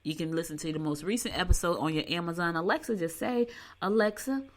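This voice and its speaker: A middle-aged woman who hosts a podcast and talks in a folksy, animated way. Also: lowish voice, fast talker. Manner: folksy, animated storytelling with Southern US speech. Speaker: podcast host. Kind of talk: casual chat.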